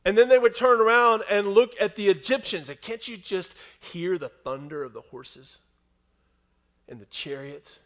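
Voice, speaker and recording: A man preaching a sermon to a live congregation, swinging from loud emphatic lines to hushed near-whispers and asking the listeners rhetorical questions. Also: mid-range voice. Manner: asks the audience rhetorical questions. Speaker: pastor. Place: speaking to a live congregation in a room.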